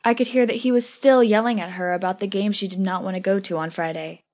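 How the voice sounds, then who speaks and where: A woman reading a first-person story aloud as an audiobook narrator, in a steady, even way. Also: medium pitch, fast.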